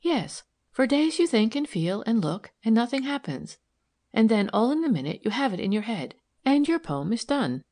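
Brisk young lady detective, a bit higher and lighter, as a woman reads her. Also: sing-song, a little mellow. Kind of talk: audiobook character reading.

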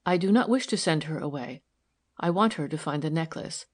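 A composed lady of the house who speaks firmly and quietly, turning stern when pressed, as a woman voices her in an audiobook. The voice sits low for a woman. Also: lively intonation, brisk. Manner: firm and quiet, sometimes stern. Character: firm, gentle lady of the house, middle-aged. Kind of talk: audiobook character voice.

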